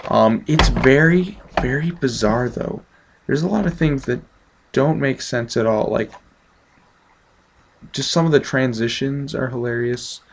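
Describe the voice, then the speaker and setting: A man's voice: medium pitch, unhurried, a little hiss or hum. A man giving a casual, offhand movie review, chatty with many ums.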